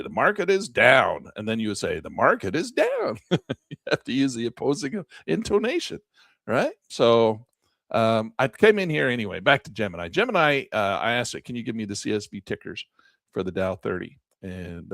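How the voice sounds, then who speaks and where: A man's voice: medium pitch, gravelly, no echo, studio quality. A man teaching a screen-share trading lesson in a folksy, chatty way, often repeating himself. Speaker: trading instructor.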